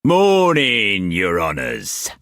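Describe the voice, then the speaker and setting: A man reading an audiobook, voicing a brash, swaggering pirate captain in his thirties with a slow, drawling, sing-song manner. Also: low-pitched, wildly swooping pitch, a bit bright, dry recording, clean studio sound, heavily acted. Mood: sly.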